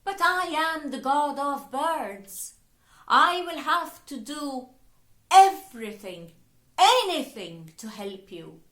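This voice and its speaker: Garuda, gentle kind bird god, as a woman puts him on. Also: sits high, very animated, slow, heavily acted. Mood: reassuring. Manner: gentle, humble. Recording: roomy echo.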